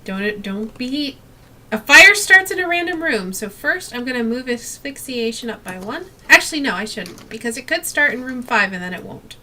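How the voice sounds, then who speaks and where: A woman's voice: on the high side, expressive, normal speed, pushed and bright, far from the mic. A woman hosting a tabletop game, patiently walking the players through each move and laughing often. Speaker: game host explaining the rules. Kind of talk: casual tabletop game play.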